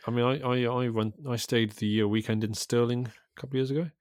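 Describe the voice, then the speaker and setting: Podcast co-host, rambling, dry delivery, mid voice, close dry mic. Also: male voice, medium pitch, fairly even intonation, fast talker, a little mellow, clean tone, dry recording. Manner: rambling, hesitant, dry understatement. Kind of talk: casual chat.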